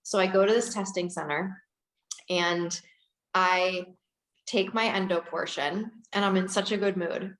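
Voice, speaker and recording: A woman dentist in her forties telling a long story in an interview, animated, laughing, acting out the people she quotes. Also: mid-range voice, unhurried, echoey room, poor audio. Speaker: dentist guest.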